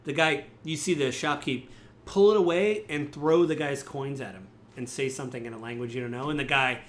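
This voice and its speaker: A man running a tabletop game as game master, chatty and rambling with plenty of fillers. His voice sits at an ordinary male pitch. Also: fairly quick. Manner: casual, rambling, filler-heavy.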